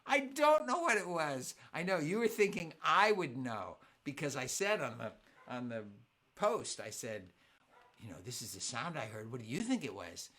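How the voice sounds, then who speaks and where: Man, family-show host; playful storyteller chatting with kids online, bright voice, lively ups and downs. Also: mid-range voice, normal speed. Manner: playful, storytelling, reads viewer comments aloud. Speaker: children's musician hosting a live family concert. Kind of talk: casual chat with online audience.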